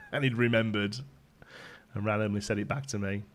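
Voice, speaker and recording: A man's voice: fairly low pitch, fairly even intonation, normal speed. Chatty man live-streaming a game. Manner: chatty, laughs often while talking. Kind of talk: casual live-stream chat. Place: home in Ontario, Canada.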